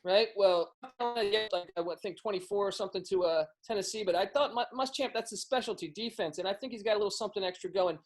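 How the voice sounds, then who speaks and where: A man appearing as a guest over a video call, talking sports picks quickly and casually, often restarting his sentences. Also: high-pitched. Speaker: sports betting podcast guest. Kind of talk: casual sports betting talk.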